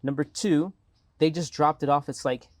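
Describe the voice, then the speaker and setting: A man with a South African accent, talking as a guest in an interview and telling stories with animated energy. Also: fairly high pitch, moderate pace, dry recording. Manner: animated storytelling with lively acted quotes. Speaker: mayoral candidate guest. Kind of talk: casual interview talk.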